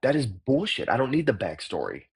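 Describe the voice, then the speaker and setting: A middle-aged actor and acting coach talking bluntly and profanely in a casual interview. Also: male voice, medium pitch, sing-song, brisk, husky.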